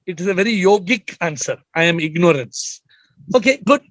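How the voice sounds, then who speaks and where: High-voiced man hosting a video call. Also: expressive, a little fast, a bit bright, dry recording, rough recording. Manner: probing, repeats questions, jokes lightly. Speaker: host of an online spiritual Q&A session. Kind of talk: questioning participants on a video call.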